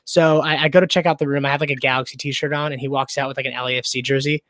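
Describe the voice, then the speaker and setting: A man's voice: mid-range voice, fairly even intonation, very fast, fairly bright tone, dry recording. A young man hosting a podcast, chatting casually and rambling with lots of "like" and "you know". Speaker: podcast host. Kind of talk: casual interview chat.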